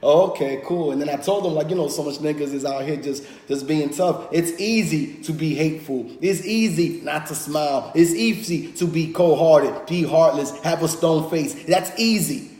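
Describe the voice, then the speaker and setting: A man in his thirties, a podcast host, chatting casually and telling animated stories about his friends. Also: on the high side, moderate pace, few pauses. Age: 30s. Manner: animated storytelling, acts out friends' voices. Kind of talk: casual chat. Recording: echoey room with long reverb.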